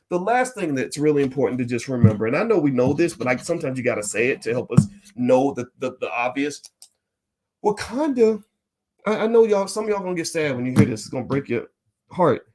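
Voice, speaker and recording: A man's voice: medium pitch, darkish tone. A man giving a casual opinion monologue as a finance commentator. He talks emphatically, repeats key phrases and laughs while making his points.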